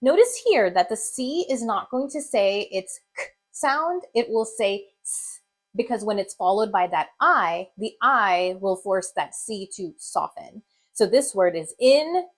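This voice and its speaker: A woman teaching reading in an instructional video lesson, slowly and deliberately sounding out the syllables of long words. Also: medium pitch, animated.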